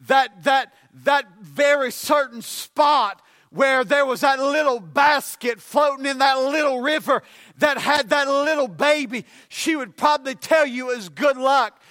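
A man preaching with a very high, bright, ringing voice that climbs to shouts on his main points. He builds his sentences by repetition, hammering each phrase. The sound is dry and close. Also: dry recording. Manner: emphatic preaching, rising to shouts on key points. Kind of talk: sermon.

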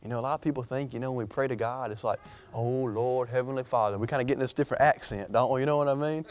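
A man's voice: medium pitch, rapid-fire. A young man preaching an informal sermon in a chatty, rambling way, full of fillers and restarts.

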